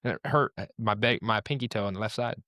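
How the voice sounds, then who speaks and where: A man's voice: lowish voice, fast talker, sharp tone, no room sound, clean studio sound. A young man co-hosting a casual chat over a video call, talking in a loose, rambling way and breaking off mid-sentence. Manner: casual, rambling, self-interrupting. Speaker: co-host.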